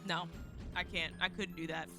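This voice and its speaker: A woman's voice: on the low side, flat delivery, moderate pace, over music. A woman streamer reading a visual novel aloud, moving from dramatic narration to flustered, exasperated asides.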